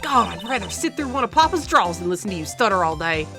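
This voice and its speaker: A woman voicing a loud, scolding Southern woman in a video game, with a put-on Southern drawl. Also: mid-range voice, very animated, quick pace, over music, voice pushed down, natural voice. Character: loud Southern woman camera-minding campsite grump.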